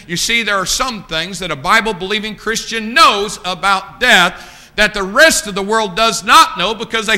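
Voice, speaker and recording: A man's voice: high voice, pushed and bright. A man preaching a sermon, repeating key lines and swelling suddenly in volume.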